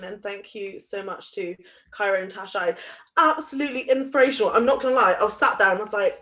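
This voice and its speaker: Young woman, from Somerset England, guest speaker, chatty, self-deprecating, filler words, mid pitch. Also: quick pace, fairly bright tone. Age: young adult. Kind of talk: casual talk.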